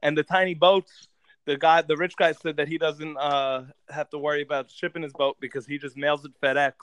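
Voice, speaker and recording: A man with a slightly higher-than-usual voice tells a movie plot at length. He rambles, curses freely and leans on filler words as casual banter with friends. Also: level tone, brisk, fairly bright tone, clear, resonant tone, no echo, poor audio.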